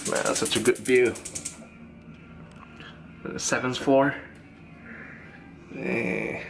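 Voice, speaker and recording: A man's voice: medium pitch, huge pitch swings, very slow, creaky, music in the background. A man vlogging his travels, chatting casually into a handheld camera and laughing often. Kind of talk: casual vlog chat. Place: bar, then city street at night.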